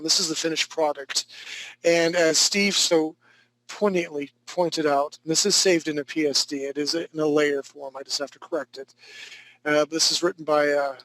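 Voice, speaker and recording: A man with a fairly high voice teaches a live online art class. He rambles casually, jumping into jokey stories and quick asides as he goes. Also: a bit bright, rough recording.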